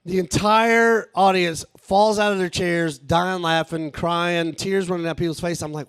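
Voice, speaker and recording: A man, telling a profane, animated stand-up story at a live show. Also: sits high, moderate pace, few pauses, clear, resonant tone, dry recording. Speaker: stand-up comedian. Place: live show with a small audience.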